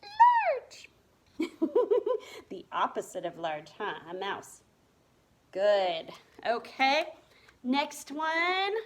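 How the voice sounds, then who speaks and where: A woman's voice: medium pitch, very animated, takes it slowly, fairly bright tone. A woman teaching a reading lesson to first graders, spelling words letter by letter in a patient, encouraging way. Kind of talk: remote reading lesson for young children.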